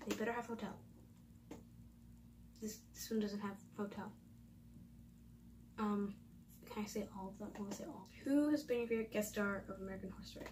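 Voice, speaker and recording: A woman's voice: mid-range voice, steady tone, a little fast, long pauses, a little mellow, recorded from a distance, a little hiss or hum, rough recording. A young woman vlogging at home, chatting casually as she reads and answers quiz questions aloud. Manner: chatty, thinking aloud, reading quiz options. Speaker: YouTuber.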